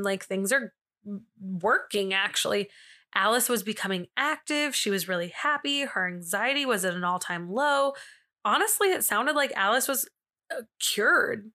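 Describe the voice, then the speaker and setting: A woman's voice: a little high, lively intonation, normal speed, sharp tone. A young woman hosting a casual storytelling podcast, chatty and full of fillers and asides. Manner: chatty, filler-heavy, with frequent asides and laughs. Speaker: podcast host.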